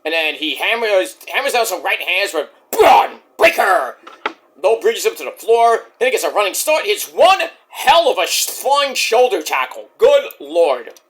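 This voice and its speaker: A man recaps a wrestling show in casual, excitable talk that is full of swearing. His voice sits high and bright. His pitch swings widely as he gets carried away. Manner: animated, swearing, acts out voices. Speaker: wrestling reviewer.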